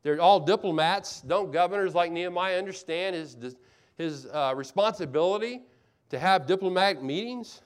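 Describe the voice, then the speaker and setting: High-voiced pastor preaching earnestly. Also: male voice, moderate pace. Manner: earnest, rhetorical questions, repeats phrases for emphasis. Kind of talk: sermon.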